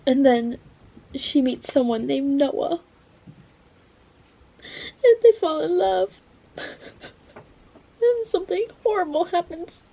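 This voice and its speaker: A woman's voice: sits high, animated, takes it slowly, pauses often, dark tone, poor audio. A young woman vlogging from her bedroom, tearful and emotional, gushing about a book and swearing casually. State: tearful, has been crying. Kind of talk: casual vlog chat. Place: at home, bedroom.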